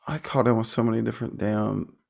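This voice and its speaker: A man's voice: lowish voice, steady tone, brisk, creaky, a little mellow. A man joking around casually with friends on a live stream. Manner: laid-back, joking, mimics friends. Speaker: stream panelist.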